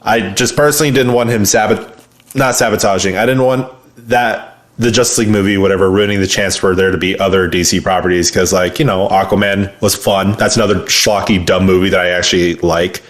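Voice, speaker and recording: Opinionated young man with a low voice. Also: fairly quick. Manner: opinionated, animated, swears freely. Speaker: podcast co-host. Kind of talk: casual chat.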